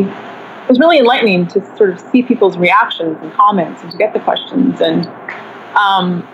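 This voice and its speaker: A woman's voice: medium pitch, muffled recording, a little hiss or hum. A woman artist talking reflectively in a casual interview, with frequent fillers.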